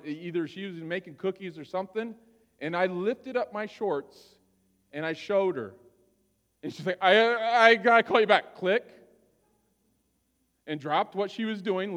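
A man's voice: sits high, long reverb tail. A male pastor telling a personal story during a sermon, conversational and often checking in with his listeners.

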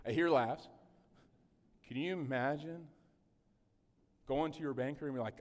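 A male pastor preaching a sermon in an animated, conversational way, with humorous asides. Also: fairly high pitch, a little slow. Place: church sanctuary. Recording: long hall reverb.

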